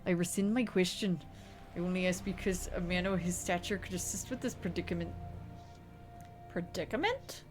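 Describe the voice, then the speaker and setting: A woman voicing a gruff male smuggler, putting on a bad Canadian accent and tacking "eh" onto his lines. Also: fairly low pitch, moderate pace, over music, close to an everyday voice. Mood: bargaining.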